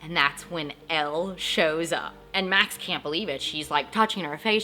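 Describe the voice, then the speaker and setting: A woman hosting a casual TV recap, chatty and emotionally invested, acting out characters' lines in quick asides. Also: low voice, sharp tone. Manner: emotionally invested, jokes about crying. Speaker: host of a TV recap channel.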